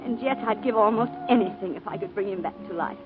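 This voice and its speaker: An actress in 1940s radio acting, playing a planter's wife who haltingly confesses a shooting and breaks down emotionally. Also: female voice, medium pitch, over music, close to an everyday voice. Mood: distraught. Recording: narrow-band 1940s radio broadcast.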